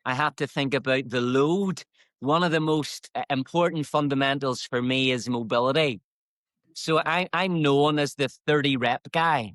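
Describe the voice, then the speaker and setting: A man's voice: mid-range voice, moderate pace, a bit bright, dry recording, studio quality. A man in his fifties with a Northern Irish accent, a fitness coach talking as a podcast guest, good-humoured and enthusiastic with small restarts. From Northern Ireland. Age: 50s. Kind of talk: casual podcast interview.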